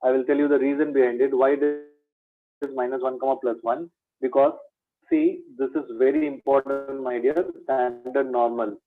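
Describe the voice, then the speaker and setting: A man's voice: mid-range voice, steady tone, normal speed, narrow, tinny audio, faint music behind. A man teaching an exam revision lecture in maths, repeating key points, asking rhetorical questions and calling his students "my dear".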